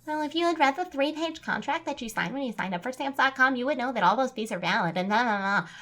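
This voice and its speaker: A woman's voice: high-pitched, animated, fast, pushed and bright. A woman mimicking a condescending customer service agent who lectures in a dismissive tone.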